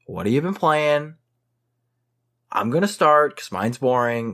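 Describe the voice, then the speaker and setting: A man's voice: mid-range voice, expressive, fairly bright tone. A man hosting a casual gaming podcast, playful and joking, teasing his co-hosts. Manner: playful, joking, quick to tease. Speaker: podcast host.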